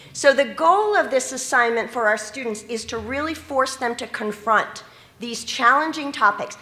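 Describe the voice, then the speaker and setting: A woman's voice: on the high side, sharp tone. A middle-aged woman, a teacher educator, giving an earnest conference talk and asking the audience questions. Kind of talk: conference presentation. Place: conference hall. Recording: echoey conference room.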